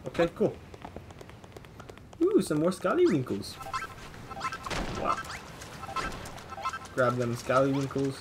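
A man gives loose, casual commentary over his game, mumbling to himself in a middling voice and reading on-screen text aloud. A clear hiss of noise sits under his recording. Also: mid-range voice, wildly swooping pitch, slow, pauses often. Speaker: let's play host.

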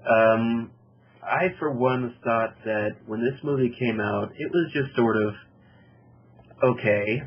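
A man hosting a casual film review podcast, summing up a plot in a halting way with many fillers. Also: mid-range voice, husky. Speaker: podcast host. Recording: dull lo-fi podcast audio.

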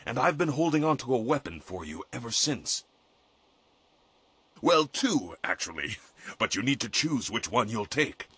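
An actor playing a stately older male weapon master in a game, speaking in a formal, measured way. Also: mid-range voice, fairly bright tone, breathy edge, dry recording.

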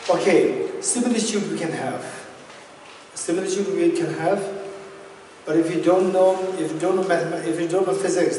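A man's voice: on the high side, darkish tone. A man giving a Buddhist dharma teaching who repeats key phrases as he explains them. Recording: echoey hall, distant mic, faint noise.

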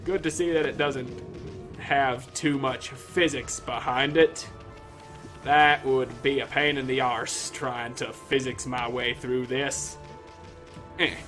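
A man's voice: mid-range voice, fairly even intonation, slow, a bit bright, soft background music. A man giving casual, sarcastic commentary while playing through a video game. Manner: sarcastic, joking asides. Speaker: gamer commentator.

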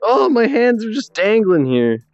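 A young man streaming a VR game, joking around and reacting loudly as he plays. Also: sits high, a little slow, no room sound, dull audio, faint music behind. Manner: excitable, jokey, loud reactions. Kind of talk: casual game commentary.

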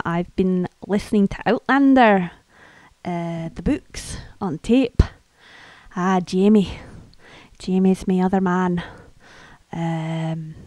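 A woman's voice: mid-range voice, no room sound, low-quality recording. A woman hosting a music livestream, chatting casually and rambling between songs with a tired voice. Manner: chatty, rambling, soft and laughing.

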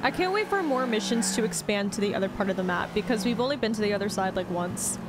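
Excitable woman narrating her gameplay. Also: medium pitch, quick pace, heavy background noise. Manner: excitable, giggly. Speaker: gaming channel host. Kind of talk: let's play commentary.

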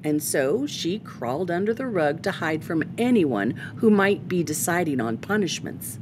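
Storytime reader, woman; unhurried, very expressive picture-book narration. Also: lowish voice, noisy background. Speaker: storytime host. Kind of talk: children's picture-book read-aloud.

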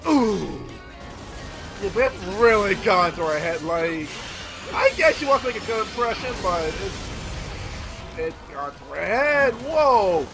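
Man gameplay streamer, animated, rambling, swears a lot, game music loud underneath. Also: sits high, unhurried, rough recording. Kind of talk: casual gameplay commentary. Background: game music and sound effects.

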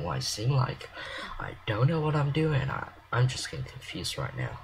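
A man's voice: medium pitch, wildly swooping pitch, a little fast, slight background noise, poor audio. A man rambling self-consciously in casual commentary while he builds in a game. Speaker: game creator. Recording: clear mouse clicks and typing.

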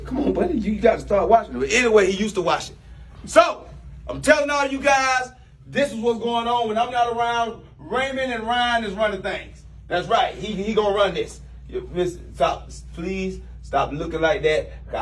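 A man playing a new boss in a comedy sketch, bossy, loud and teasing, with big swings in pitch. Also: normal speed.

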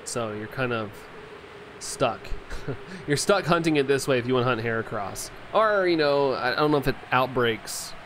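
A man's voice: medium pitch, lively intonation, normal speed, fairly bright tone, a little hiss or hum. A young man chatting casually as a game streamer, rambling with lots of fillers and often laughing. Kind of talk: casual chat while playing, reading chat.

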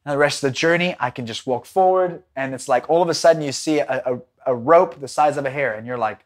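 A man from South Africa preaching a Bible study, telling stories dramatically and swinging between excited and hushed delivery. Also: mid-range voice, fast talker, few pauses.

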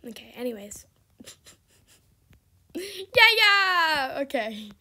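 A woman's voice: high-pitched, very animated, slow pace, sharp tone. A young woman giving casual, dramatic gameplay commentary, laughing often and exclaiming. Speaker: gaming video creator.

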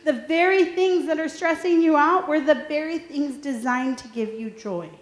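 A woman's voice: sits high, moderate pace. A woman in her thirties presenting a workshop, telling funny stories and asking the audience questions. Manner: lively storytelling, asks the audience questions. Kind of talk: humorous motivational talk to an audience. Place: large room with an audience. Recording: echoey room.

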